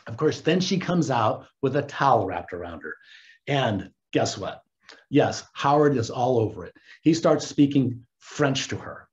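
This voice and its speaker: A man hosting a casual recap, animated and quick to laugh as he retells the story. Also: mid-range voice. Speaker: host. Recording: dull lo-fi recording.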